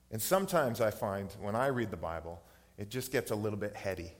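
A man's voice: lowish voice, lively intonation, brisk. Man in his 30s, pastor, earnest reflective sermon, church hall reverb. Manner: earnest, personal, reflective preaching.

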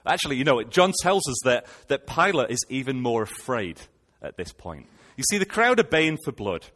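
A man's voice: medium pitch, very animated, moderate pace, fairly bright tone. Man preaching in a reverberant hall. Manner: retells scripture with rhetorical questions. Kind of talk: sermon.

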